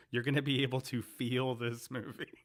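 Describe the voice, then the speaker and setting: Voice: medium pitch, little pitch movement, normal speed. A co-host in casual chat, making dry, joking asides.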